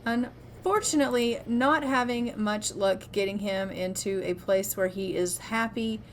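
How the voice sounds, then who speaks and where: A woman's voice: mid-range voice, a little slow, slight background noise. A woman chatting affectionately as she narrates a life-sim game, often laughing. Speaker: gameplay commentator. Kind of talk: casual let's-play commentary.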